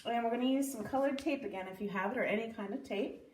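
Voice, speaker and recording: A cheerful woman teacher talks children through a hands-on activity. Her voice sits a little high and is picked up from a distance in an echoey room with clear background noise. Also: fast talker, a little mellow. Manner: cheerful, talks while stacking toy blocks. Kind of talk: casual instructions to children. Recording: echoey room, mic far off.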